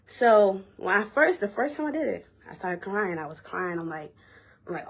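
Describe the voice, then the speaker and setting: Young woman, vlogger, husky breathy tone, animated, slangy casual storytelling. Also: mid-range voice, moderate pace. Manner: animated, repeats herself, slangy and conversational.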